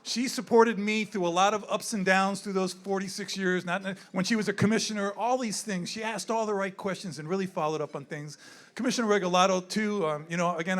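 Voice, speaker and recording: A man's voice: sits high, a bit bright. A man in his sixties who works with zoo animals, giving a candid, rambling speech at a gala on a handheld mic. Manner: rambling, candid, repeats himself. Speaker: zoo wildlife worker speaking at a gala. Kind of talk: off-the-cuff event speech. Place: indoor event room.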